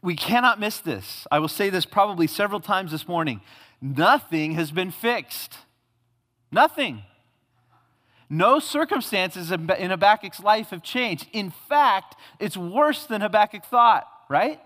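Man preaching in a church, kinda high voice, big echo tail, gets loud then goes quiet. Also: animated, unhurried. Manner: emphatic, swings between loud and hushed. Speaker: pastor. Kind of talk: sermon. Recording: long hall reverb.

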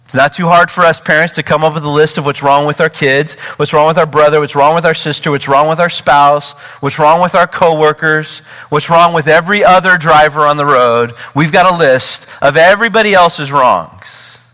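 A man preaching a sermon with emphatic, animated delivery, often repeating words and building to urgent peaks. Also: a little high, moderate pace, hardly any pauses, long reverb tail, low-quality recording. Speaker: pastor.

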